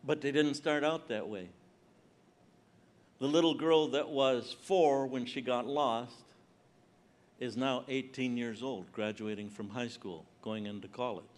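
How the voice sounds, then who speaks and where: An older man doing stand-up storytelling as a Christian comedian, animated and acting out voices on a large conference stage. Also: mid-range voice. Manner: animated, acts out voices and shouts punchlines.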